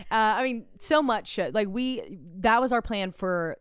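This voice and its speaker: Smooth-voiced woman telling a profane story. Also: medium pitch, lively intonation, a little slow, no echo, studio quality. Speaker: podcast host. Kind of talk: casual chat.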